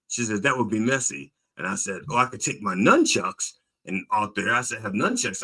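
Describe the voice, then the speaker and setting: Animated man telling a rambling story. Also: medium pitch, normal speed. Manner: animated storytelling, acting out both sides of a phone call; repeats words and restarts often. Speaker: host. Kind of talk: casual monologue.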